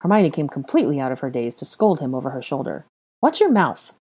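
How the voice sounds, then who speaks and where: A woman reading fan fiction aloud in a steady, even narration. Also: very deep voice, fast talker, breathy edge. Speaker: reader.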